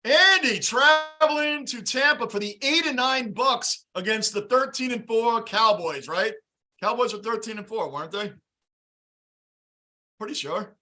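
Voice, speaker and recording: A man hosting a live football reaction stream, greeting chatters by name and shouting at big plays. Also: extremely high pitch, unhurried. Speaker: livestream host reacting to a game. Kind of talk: live game reaction and fan chat.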